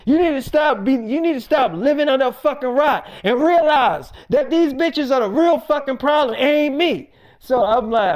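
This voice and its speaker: Profane, rambling comic storyteller. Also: moderate pace. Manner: profane, rambling, quoting others in dialogue; drops to a low, hushed voice for long stretches.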